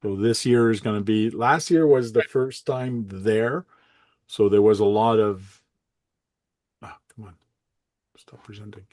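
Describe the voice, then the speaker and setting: A man hosting a casual livestream chat, relaxed and rambling, often correcting himself as he goes. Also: on the low side, a little slow, pauses often, dry recording. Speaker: host.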